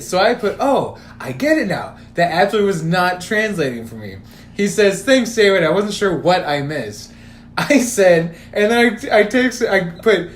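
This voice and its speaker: A young man, one of a podcast's co-hosts, tells an anecdote loaded with swearing and quoted texts in casual chat. He sounds animated, with a voice on the high side, yet keeps a measured pace. Roomy echo and faint room noise color the recording.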